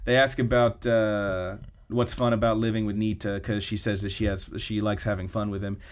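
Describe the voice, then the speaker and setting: A man's voice: on the low side, little pitch movement, normal speed. A man co-hosting a podcast, casually recapping anime episodes in a chatty way and acting out the characters' lines. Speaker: podcast co-host.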